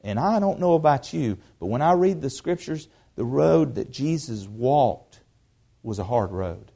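A man preaching a sermon in a conversational way, repeating words as he goes and swinging between quiet asides and loud, emphatic stretches. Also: mid-range voice, animated, unhurried, vocal fry, slightly rough. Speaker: pastor.

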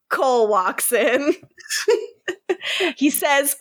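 A woman chatting casually as a podcast co-host, her voice sitting a little high. She laughs often and slips into the characters' lines as she retells scenes. The sound is dry and close. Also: a little slow, long pauses, no room sound. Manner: lively, giggly, acts out characters' lines while retelling. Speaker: podcast co-host recapping a TV episode. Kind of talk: casual chat.

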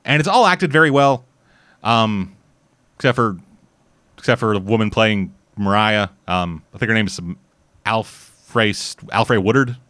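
A man's voice: on the low side, lively intonation, measured pace, a bit bright, no echo. A Canadian man casually reviewing a series in rambling, profane chat full of restarts. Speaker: podcast host reviewing a series.

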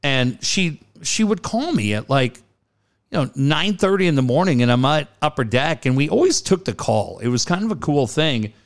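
A man's voice: a little high, very animated, moderate pace. Earnest middle-aged man telling a story. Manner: earnest, conversational, hesitant with fillers. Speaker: podcast co-host. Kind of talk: personal storytelling in casual chat.

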